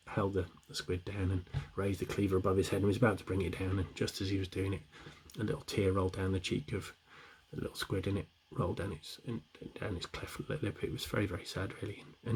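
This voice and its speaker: Middle-aged man, deep voice, rambling joke teller, faint background noise. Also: flat delivery, fast talker, hardly any pauses, darkish tone. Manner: rambling, with many fillers and restarts. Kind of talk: shaggy-dog joke telling.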